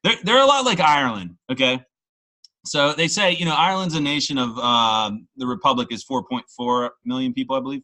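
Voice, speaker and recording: A man with a bright, forceful voice talks in a loose, rambling way, full of self-mocking asides. He is from the Washington, D.C. area and hosts a casual, tipsy chat. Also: mid-range voice, animated, a little fast, rough recording.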